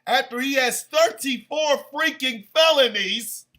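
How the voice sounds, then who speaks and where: A man's voice: extremely high pitch, unhurried, pushed and bright. A man hosting a stream radio show, delivering a heated, profane and sarcastic political rant.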